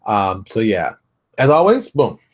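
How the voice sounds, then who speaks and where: A man's voice: lowish voice, huge pitch swings, a little slow. A middle-aged man hosting his own games industry show, talking in an emphatic, ranting way, repeating himself and acting out quotes. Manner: emphatic, rants, repeats phrases, acts out quotes. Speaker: host of a daily tabletop games industry show. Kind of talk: casual solo monologue.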